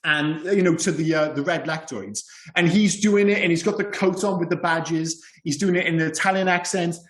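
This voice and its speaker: A man's voice: on the high side, moderate pace. Man chatting with an echoey room sound. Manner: rambling, animated, repeats yeah and you know. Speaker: podcast co-host. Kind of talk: casual film discussion.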